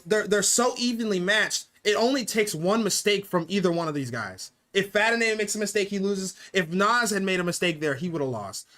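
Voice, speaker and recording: Brash high-voiced esports fight host. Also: male voice. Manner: excitable, repetitive, brash trash talk. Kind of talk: post-fight commentary.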